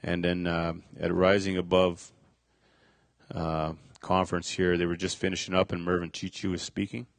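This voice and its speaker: A middle-aged man telling a personal faith testimony, halting, with many fillers and restarts. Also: low-pitched, flat delivery, no room sound. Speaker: speaker sharing a testimony.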